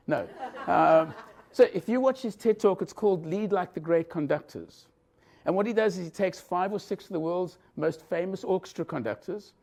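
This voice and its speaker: A man's voice: high voice, gravelly, a little mellow. A man giving an engaging leadership lecture, asking his audience questions as he talks. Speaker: leadership professor presenting a session. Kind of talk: lively lecture to a live audience. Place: conference room.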